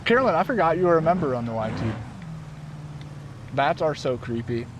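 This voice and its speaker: Excitable man streaming from a van. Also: fairly high pitch, fairly quick, noisy background. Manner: excitable, swears freely, talks to chat and his dog. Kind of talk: casual live-stream chat. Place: inside a van at night. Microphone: desk mic.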